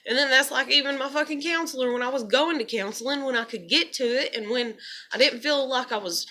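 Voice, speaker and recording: A young woman vlogging in an unplanned, rambling monologue, an animated storyteller who fills her talk with "you know". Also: sits high, a little fast.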